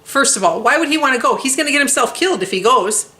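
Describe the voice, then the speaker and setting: A woman co-hosting a casual chat, telling stories in an excitable, animated way with many fillers. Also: high-pitched, fast, roomy sound. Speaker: co-host.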